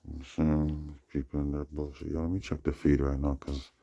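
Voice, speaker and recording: Gravelly deep-voiced man rambling a story. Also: completely flat delivery, moderate pace, dark tone. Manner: slangy, meandering, repeats "you know what I'm saying". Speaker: vlogger.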